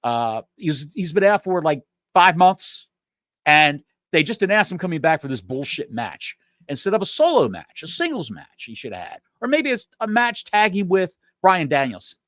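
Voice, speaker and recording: A man co-hosting a casual podcast, animated and rambling, swearing freely as he rants. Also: on the high side, moderate pace, dry recording. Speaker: podcast co-host.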